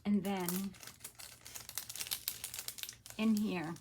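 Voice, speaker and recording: A woman in her sixties hosting a casual craft unboxing, soft-spoken and often hushed, with gasps of delight. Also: medium pitch, steady tone, extremely slow, a little hiss or hum. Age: 60s. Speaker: crafter and channel host.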